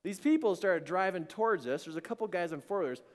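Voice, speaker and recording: A man giving an animated storytelling sermon to a live audience and acting out the voices in his story. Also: sits high, fast. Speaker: speaker. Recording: long-reverb hall.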